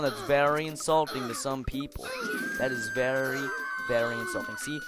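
A man's voice: mid-range voice, fairly even intonation, moderate pace. Silly rambling young man over game music. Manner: silly, rambling, talks to game characters in mock scolding tones. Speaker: gameplay video host. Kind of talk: goofy improvised gameplay commentary.

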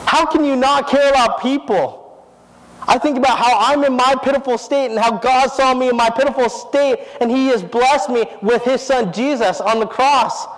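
A man's voice: very high-pitched, a bit bright, long reverb tail, rough recording. A man preaching a sermon in a church, earnest, with many rhetorical questions. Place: church sanctuary.

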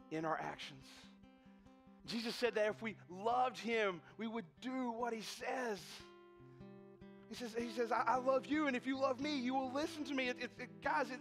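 In the church sanctuary, the pastor's sermon unfolds through stories told in a strikingly high, ringing voice. He's animated, keeps restarting and repeating words, and acts out the voices of the people he quotes, with faint soft guitar behind him.

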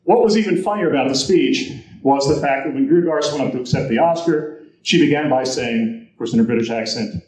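A man's voice: medium pitch, fairly quick, few pauses, a little hiss or hum. Man telling stories in a roomy hall. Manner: animated storyteller, acts out quotes. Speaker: guest speaker. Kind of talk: convention presentation, anecdotal storytelling. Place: convention hall. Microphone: handheld recorder in audience. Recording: roomy hall audience recording.

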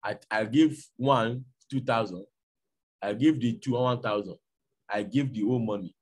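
A man's voice: mid-range voice, normal speed, breathy edge. A man with a Nigerian accent preaching a sermon, telling stories and acting out conversations. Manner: storytelling, animated, acts out dialogue. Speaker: pastor.

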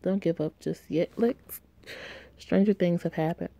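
A woman's voice: fairly low pitch, a little slow, dark tone, dry recording, muffled recording. A woman voicing an encouraging young female best friend who talks in an upbeat, reassuring way.

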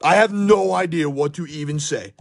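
A young man with a hoarse, worn-out voice, frantically narrating a card pack opening at home, swearing and shouting in disbelief while filming on his phone. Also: fairly high pitch, normal speed. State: hoarse, voice shot. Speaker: sports card pack breaker. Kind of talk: hyped live pack-opening commentary. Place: at home by a table.

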